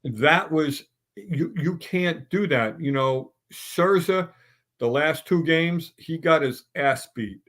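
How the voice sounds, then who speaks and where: A man's voice: on the high side, expressive, slow pace, fairly bright tone. A middle-aged man on a sports talk round table, ranting bluntly and stumbling through restarts as he builds his points.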